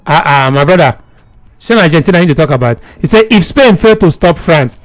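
A man's voice: a little high, expressive, brisk, no room sound, soft background music. A man with a Nigerian accent hosting a casual sports call-in radio show, chatting and questioning callers. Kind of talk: casual call-in chat in Nigerian Pidgin and English.

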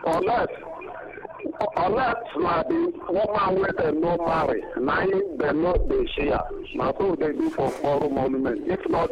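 A man's voice: high-pitched, gravelly, very noisy. A man with a Nigerian accent calling in to a radio show, explaining a local custom insistently over the phone. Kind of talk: casual phone-in talk. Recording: muffled phone line with loud crowd behind.

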